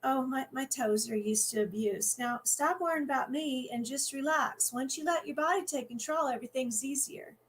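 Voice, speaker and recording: A woman voicing a tired, grumpy dance teacher with a country twang in a gentle storybook reading. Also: sits high, moderate pace, hardly any pauses, rough recording. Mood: coaxing.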